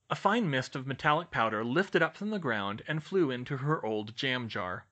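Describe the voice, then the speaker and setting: Lively male audiobook narrator. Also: moderate pace, hardly any pauses, highs cut off. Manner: steady storytelling, lively pitch. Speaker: audiobook reader. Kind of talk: fan fiction audiobook narration.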